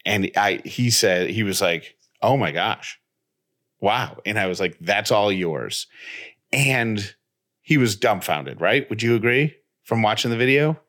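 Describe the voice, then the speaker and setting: A podcast co-host tells a story casually, his voice on the low side and his pace measured. He's animated and acts out the dialogue, quoting the lines as he retells it.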